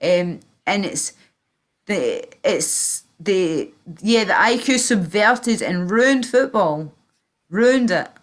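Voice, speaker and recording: A Northern Irish woman talks loosely on a livestream in a mid-pitched voice. She rambles, swears freely and leans on "like" and "you know", often restarting her sentences. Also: animated, slow. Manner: rambling, swearing, full of fillers. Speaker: stream host. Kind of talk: casual livestream chat.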